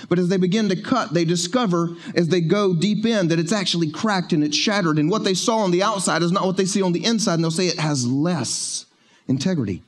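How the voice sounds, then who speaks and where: A male pastor preaching in a church, with a voice pitched high for a man. He talks in a loose, conversational way and drops in jokes. He slows right down to lean on the words that matter. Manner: conversational and joking, slowing down to stress key words. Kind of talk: sermon. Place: church sanctuary.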